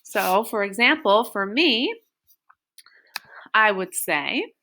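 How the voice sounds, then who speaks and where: Woman, French teacher, patient beginner lesson, bright tone. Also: medium pitch, expressive. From United States. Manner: slow, clear modeling of example phrases.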